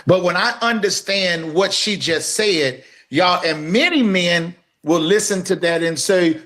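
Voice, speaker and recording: A grown man co-hosting a talk show, his voice sitting high for a man. He builds his points like a preacher, emphatic and direct, calling out to the audience as he goes. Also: a little slow, few pauses, a bit bright. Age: adult. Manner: emphatic, building like a sermon, addresses listeners directly. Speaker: podcast co-host. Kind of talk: impassioned podcast talk, preacher-like.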